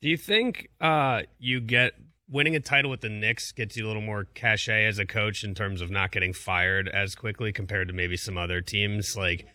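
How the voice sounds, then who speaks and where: A man's voice: lowish voice, steady tone, moderate pace, sharp tone, no echo. A man co-hosting a sports radio show, trading dry wisecracks. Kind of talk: casual sports radio chat.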